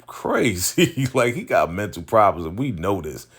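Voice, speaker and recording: A man recapping a TV episode in casual chat, retelling it in an animated way with slang and lots of fillers. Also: on the low side, a little slow, breathy edge. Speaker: TV recap host.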